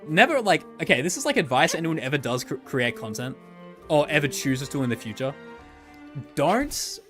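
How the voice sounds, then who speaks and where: A man's voice: on the high side, sing-song, moderate pace, fairly bright tone. A man streaming about gacha games in a casual, rambling way, joking and swearing freely. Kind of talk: casual livestream commentary. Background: faint background music.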